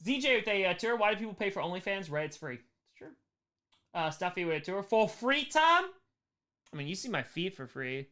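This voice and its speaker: A man's voice: high voice, very animated, a little fast, sharp tone. A man hosting a livestream, casually reading viewer messages aloud, joking and laughing often. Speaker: livestream host.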